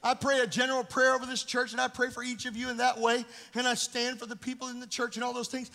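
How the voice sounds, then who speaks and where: Brief: high, bright male pastor, blunt and scolding, preaching in a reverberant church hall. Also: monotone, fast. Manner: blunt and scolding, swinging to shouting. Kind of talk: sermon.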